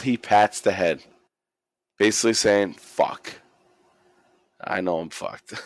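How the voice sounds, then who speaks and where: A man excitedly recapping a wrestling match in casual chat, swearing a lot and acting out the wrestlers' lines. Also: medium pitch, dry recording. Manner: animated, swears constantly, acts out quotes. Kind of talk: casual profane play-by-play recap.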